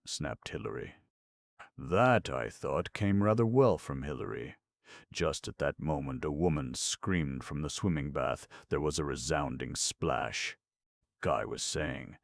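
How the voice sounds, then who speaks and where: A male audiobook narrator with a very deep, gravelly voice, reading in a measured, lyrical way. The recording is dry and close. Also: animated, dry recording. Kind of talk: scripted narration.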